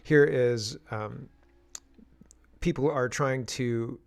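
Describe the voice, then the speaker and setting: A man's voice: mid-range voice, drawn-out words, creaky, a little mellow. A man from Canada hosting casual political commentary, chatty and skeptical, often restarting his sentences.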